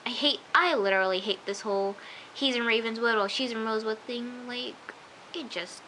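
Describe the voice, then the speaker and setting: A woman's voice: on the high side, normal speed, bright, forceful tone, slight background noise, poor audio. Chatty young woman recapping a show. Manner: chatty, gushing, full of "like" and "oh my gosh", drops into whispers. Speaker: show reviewer. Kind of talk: casual episode recap.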